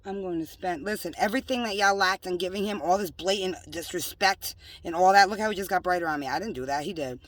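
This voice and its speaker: A woman giving a rambling religious monologue, drifting between soft whispers and loud scolding, slowly reading definitions aloud. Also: lowish voice, dry recording, far from the mic. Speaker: self-styled prophet vlogger.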